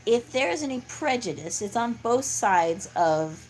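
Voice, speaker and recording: A woman's voice: a little high, sing-song, measured pace. A middle-aged woman talking in a casual, rambling monologue, full of fillers and restarts. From California. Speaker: vlogger.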